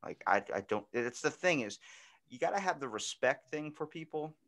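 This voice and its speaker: A man hosting a podcast in casual chat, telling stories with lively acted-out voices and plenty of swearing. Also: medium pitch, moderate pace, gravelly. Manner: animated storyteller acting out voices, swears freely. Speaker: podcast host.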